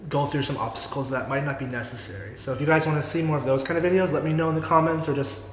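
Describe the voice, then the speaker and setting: A man's voice: fairly high pitch, fairly even intonation, racing. A young man hosting a casual mukbang vlog, talking chattily and filling his sentences with "like". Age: young adult. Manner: chatty, filler-heavy with lots of "like". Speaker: host, influencer. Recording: roomy echo with faint background noise.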